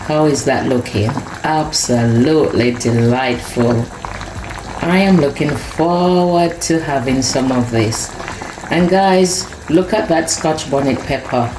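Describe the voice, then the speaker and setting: In an unhurried bass voice, a woman vlogging from her home kitchen talks casually to viewers, tasting and enjoying what she cooks. The echoey room is full of cooking noise, with a pot boiling in the background.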